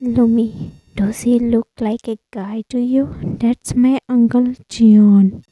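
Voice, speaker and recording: A woman's voice: fairly high pitch, fairly even intonation, slow pace, warm tone, dry recording, lo-fi sound. A woman reading an anxious young student.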